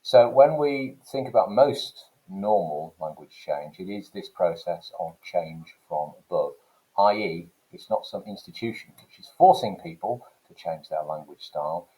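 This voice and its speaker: Low, mellow-voiced male English teacher. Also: lively intonation, unhurried, poor audio. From England. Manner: explanatory, with frequent "okay" and "so" fillers. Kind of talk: classroom lecture.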